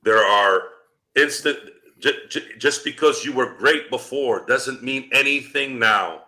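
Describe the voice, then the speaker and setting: Bright-voiced man ranting profanely. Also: medium pitch, unhurried. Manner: profane, ranting, rhetorical questions. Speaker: podcast host. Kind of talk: postgame fan rant.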